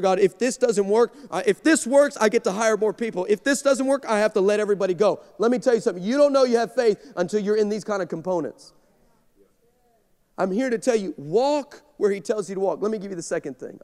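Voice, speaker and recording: In a large church sanctuary, a Texan guest pastor delivers a sermon from the pulpit, his high, bright, raised voice ringing through a long reverb. He tells stories energetically and repeats words as he gets excited and drives his points home.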